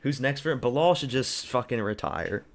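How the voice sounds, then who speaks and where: A man's voice: mid-range voice, normal speed. A young man from Canada chatting casually on a live stream, rambling and crude, mocking fighters and talking to his chat.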